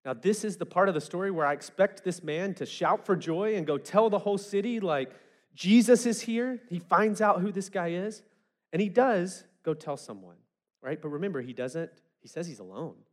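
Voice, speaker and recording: A man's voice: high voice, animated, normal speed. A man preaching a sermon in a conversational, storytelling way, acting out the people he quotes. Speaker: pastor.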